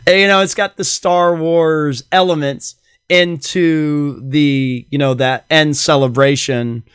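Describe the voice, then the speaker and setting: A man's voice: a little high, fairly even intonation, slow, a bit bright, clear, resonant tone, dry recording, clean studio sound. A middle-aged man hosting a casual solo podcast, rambling enthusiastically with many fillers. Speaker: podcast host.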